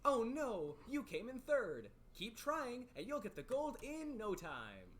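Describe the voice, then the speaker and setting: A man voicing an upbeat announcer for a kids' racing game, using a bright, encouraging, sing-song delivery. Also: very high-pitched, huge pitch swings, a little slow, pitched above the performer's own voice, heavily acted.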